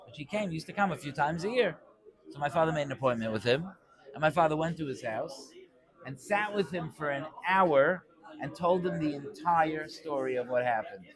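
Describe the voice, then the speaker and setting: Rabbi lecturing to a crowded room. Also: male voice, a little high. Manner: conversational, acts out quick dialogue. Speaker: rabbi giving a Torah class. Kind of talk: informal Torah lecture.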